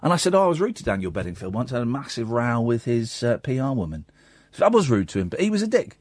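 A man hosting a radio show, chatting and telling stories in a jokey, animated way from the studio. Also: medium pitch, quick pace, slight background noise. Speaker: radio host. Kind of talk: casual radio chat. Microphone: studio microphone.

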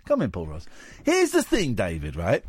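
A man hosting a late-night radio phone-in, teasing and stumbling over quick restarts. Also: on the low side, wildly swooping pitch, slightly rough, no echo. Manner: playful, teasing, stammering restarts. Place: radio studio. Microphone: studio microphone.

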